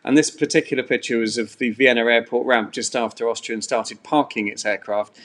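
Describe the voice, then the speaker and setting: A man runs a live-streamed pub quiz from a bedroom at home. His voice sits at an ordinary middle pitch. He talks in a loose, rambling way with plenty of fillers. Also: steady tone, a little fast, a bit bright, a little hiss or hum. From England. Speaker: quiz host.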